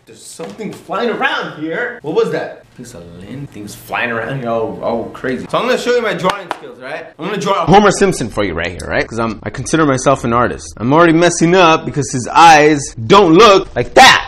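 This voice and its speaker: A man's voice: fairly high pitch, sing-song, a little fast, hardly any pauses, fairly bright tone, a little hiss or hum. A man chatting casually to camera as a vlogger, rambling and playful, checking in with the viewer again and again. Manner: rambling and playful, keeps checking in with "okay?" and "right?". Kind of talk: casual vlog chat to camera.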